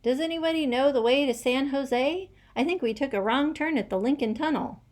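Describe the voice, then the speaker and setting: A woman's voice: high-pitched, fairly quick, darkish tone, voice pushed up, lightly acted. A woman voicing a pair of cheerful, chatty male moles who have lost their way in a read-aloud storybook.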